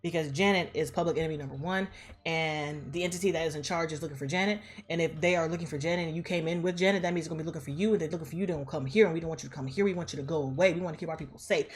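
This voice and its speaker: Animated, profane woman retelling a movie. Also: low voice, very fast. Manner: animated, slangy and profane, acts out characters. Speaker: movie recap vlogger.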